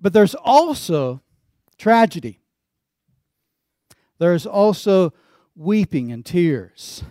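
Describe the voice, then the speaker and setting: A man preaching a sermon as pastor, telling stories in a folksy, lively way. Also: high voice, drawn-out words, no room sound, studio quality. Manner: folksy storytelling with lively emphasis.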